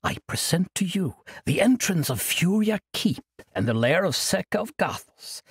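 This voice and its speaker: A man's voice: high-pitched, big pitch swings, normal speed, breathy edge, no echo, clean studio sound, voice pushed up, exaggerated voice. A man voicing an eccentric, childlike old monk who speaks grandly and playfully in an audiobook. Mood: whimsical. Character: eccentric ancient male monk, childlike and mischievous.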